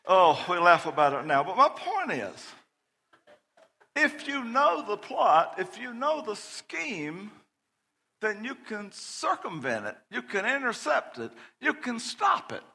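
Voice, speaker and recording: A middle-aged man preaching a sermon, telling a personal story loudly and animatedly, often laughing. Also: sits high, very animated, slow pace, in a large hall. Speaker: pastor.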